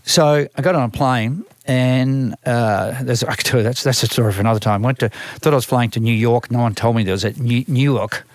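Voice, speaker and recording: A man's voice: medium pitch, a little fast, hardly any pauses, dry recording. A man with an Australian accent telling stories from his work as a music manager, acting out other people's lines and often restarting his sentences. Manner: lively, acts out quoted voices, frequent restarts. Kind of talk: storytelling conversation.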